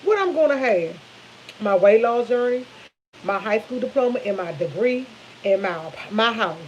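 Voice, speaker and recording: A woman's voice: a little high, normal speed, highs cut off, a little hiss or hum. A woman in her fifties chatting casually to viewers from her kitchen while cooking, telling stories with lots of animation. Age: 50s. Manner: chatty, animated storytelling with laughs, addresses viewers as y'all. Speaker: vlogger. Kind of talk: casual chat.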